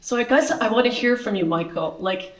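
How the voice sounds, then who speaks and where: A woman's voice: on the high side, brisk, echoey room, rough recording. A woman in the audience asking an earnest, rambling question at a screening Q&A. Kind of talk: Q&A question from the floor.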